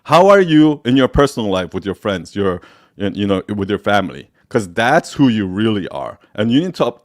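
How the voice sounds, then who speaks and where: Blunt, foul-mouthed man hosting a Q&A. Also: fairly low pitch. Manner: blunt, profane, laughs often. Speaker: host answering viewer questions. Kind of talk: live Q&A.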